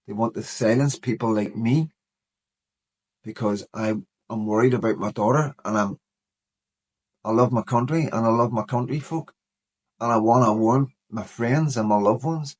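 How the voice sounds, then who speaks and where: A man's voice: medium pitch, moderate pace. A man in his fifties talking straight to camera in a personal commentary vlog, earnest and worried, often saying "you know". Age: 50s. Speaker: vlogger.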